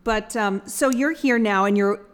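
A woman's voice: mid-range voice, measured pace. A woman from Atlanta, hosting her own talk show, chatty and cheeky with playful swearing. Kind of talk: casual interview chat.

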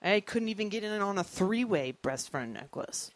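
A stand-up comedian in their thirties telling jokes in an animated way and acting out other people's voices. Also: medium pitch, normal speed.

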